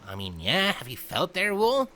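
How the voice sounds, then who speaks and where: A man's voice: high voice, huge pitch swings, moderate pace, bright, forceful tone, a little hiss or hum, pitched above the performer's own voice, full character voice. A man putting on a chirpy, playful young dragon. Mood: cheerful. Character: playful young male dragon, meat-loving, cuddly.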